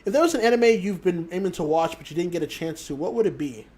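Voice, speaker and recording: A man's voice: high-pitched, expressive, fast, dark tone. A man hosting a live podcast, ranting bluntly and with plenty of swearing, then taking questions from the chat. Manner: profane, heated ranting; blunt, emphatic declarations. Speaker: podcast host.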